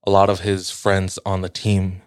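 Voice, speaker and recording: A man casually retelling a ghost story, rambling with fillers and restarts, sinking to a hushed voice at tense moments. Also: sits low, monotone, moderate pace, no room sound, studio quality. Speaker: storyteller in a podcast-style chat.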